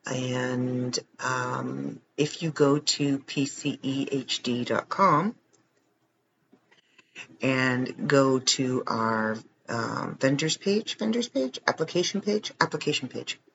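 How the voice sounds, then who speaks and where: A man's voice: medium pitch, steady tone, takes it slowly, vocal fry, fairly bright tone, muffled recording, slight background noise. A man hosting a podcast late at night, tired and rambling, chatting casually with self-deprecating jokes and frequent chuckles. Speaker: podcast host. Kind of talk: casual chat.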